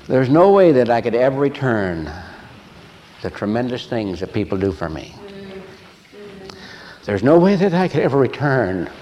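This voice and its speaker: An older man preaching a sermon, telling personal stories in an animated way and asking the audience questions. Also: fairly low pitch, slight background noise, poor audio.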